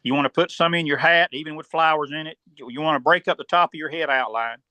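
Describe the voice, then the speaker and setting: Man with a bright Southern drawl, dry sound. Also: on the high side, fast talker, no room sound. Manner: steady, instructive, step-by-step. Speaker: guest turkey hunting expert. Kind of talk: casual podcast explanation.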